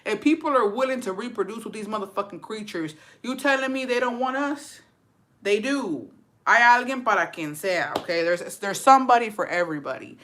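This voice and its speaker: A woman's voice: fairly high pitch, fairly quick, fairly bright tone. A woman casually telling a story on her livestream, brash and profane, slipping Spanish phrases into her English. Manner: brash, profane and sassy, calling listeners "bitch" and "besties". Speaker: livestream host.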